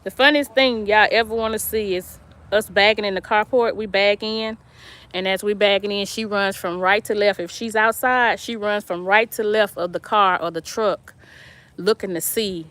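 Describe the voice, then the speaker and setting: A middle-aged woman hosts a vlog live stream outdoors in her yard, chatting casually and reading viewer comments aloud between laughs. Her mid-range voice is steady and a bit bright, at a moderate pace.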